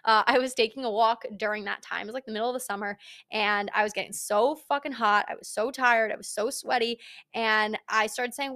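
Young female podcast host, slightly high voice, blunt and emphatic motivational chat, casual swearing. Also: fairly even intonation, a little fast, sharp tone. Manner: emphatic, swears freely, speaks straight to the listener.

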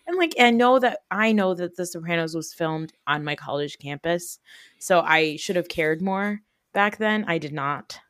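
A woman in her thirties with a New Jersey accent, hosting a podcast in animated, casual chat full of fillers and swearing. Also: on the low side, moderate pace, no echo, clean studio sound. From North Jersey, USA. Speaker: podcast host.

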